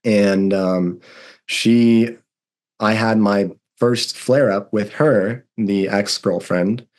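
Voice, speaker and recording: A man's voice: on the low side, steady tone, drawn-out words, a little mellow. A man in his thirties, a guest telling his own story in a candid, earnest and emphatic way. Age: 30s. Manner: earnest and emphatic, reliving strong emotions.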